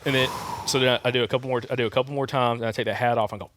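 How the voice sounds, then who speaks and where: A man with a Southern American accent tells a hunting story to his co-host, throwing in turkey call sounds as he talks. His voice sits at an ordinary pitch. The studio mic gives a dry, close sound. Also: racing, no room sound. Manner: animated storyteller, imitates turkey calls and sounds. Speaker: podcast co-host. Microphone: studio microphone.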